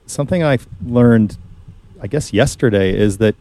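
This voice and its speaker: A man hosting a Catholic radio talk show, relaxed and using frequent fillers. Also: mid-range voice, moderate pace, no echo. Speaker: host. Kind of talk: conversational Catholic radio chat.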